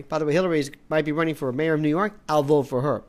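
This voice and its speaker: A male talk show host delivers a rambling, sarcastic monologue packed with digressions, talking fast in a fairly high voice as an animated storyteller.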